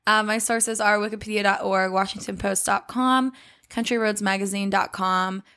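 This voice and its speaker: A woman's voice: mid-range voice, fairly even intonation, normal speed, a bit bright, clear, resonant tone. A young adult woman co-hosting a podcast, telling a story in casual chat with lots of fillers and some swearing. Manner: chatty, swearing, many "like" fillers. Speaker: podcast co-host.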